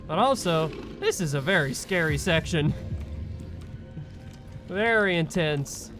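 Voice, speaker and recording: A man with a high voice talks through a horror game, jumpy, swearing freely and yelping when startled. Loud game music plays clearly behind him the whole time. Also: animated, takes it slowly. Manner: jumpy, swears and yelps at scares. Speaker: let's play gamer. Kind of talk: live gameplay commentary. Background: loud game soundtrack.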